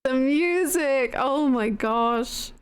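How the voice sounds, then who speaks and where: Brief: excitable, giggly woman commenting on a game live at an unhurried pace. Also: high-pitched, smooth. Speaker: streamer.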